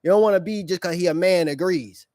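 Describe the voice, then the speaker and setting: A man's voice: high-pitched, fast talker, darkish tone, dry recording, clean studio sound. A man streaming live reactions, ranting bluntly in slang and asking his viewers questions. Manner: blunt, slangy, preachy, asks the audience questions. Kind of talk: ranting commentary on a played clip.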